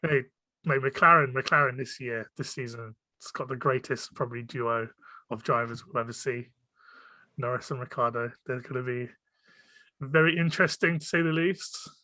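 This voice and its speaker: A man with a British accent hosting a podcast, chatting quickly, laughing often and repeating words when excited. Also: mid-range voice, dry recording. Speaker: podcast host. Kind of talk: casual chat.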